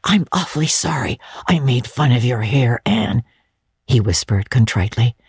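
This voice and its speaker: Casting: a woman as a sincere schoolboy, hushed and earnest, husky tone. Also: a bass voice, big pitch swings, moderate pace, no room sound, studio quality, exaggerated voice. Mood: whispered apology. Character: teasing, then contrite schoolboy.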